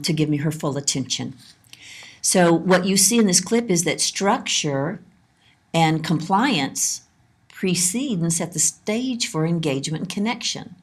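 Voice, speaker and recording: A woman lecturing on child development, calm and explanatory, repeating her key points. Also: deep voice. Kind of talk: instructional lesson narration.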